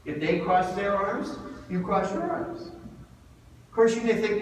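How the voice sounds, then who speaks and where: A man giving a lively seminar talk, asking the audience questions, recorded from far off in a hall. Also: sits high, a little slow, slight background noise. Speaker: speaker.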